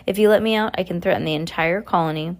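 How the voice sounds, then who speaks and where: A woman's voice: fairly low pitch, fast, natural voice. A gloating, scheming storybook villain, put on by a woman reading aloud. He growls and sneers mockingly at the children, full of contempt.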